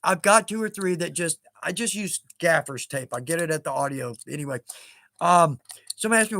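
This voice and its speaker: Fifties guy rambling on a livestream, kinda high voice, laughs at himself a lot, dry close sound. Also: lively intonation, brisk, sharp tone, no echo. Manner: chatty, rambling, self-mocking with chuckles. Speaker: livestream host. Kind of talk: casual livestream chat.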